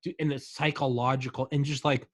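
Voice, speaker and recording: A man in casual chat, talking excitedly and rambling with lots of fillers. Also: mid-range voice, brisk, no echo.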